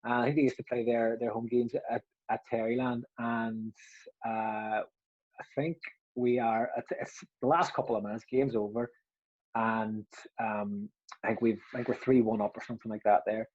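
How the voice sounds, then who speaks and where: In a dull, lo-fi recording with no echo, a young adult former footballer who co-hosts a podcast rambles through a story in casual conversation, full of laughs and restarts. He speaks fairly quickly in a medium-pitched, husky voice with a steady tone.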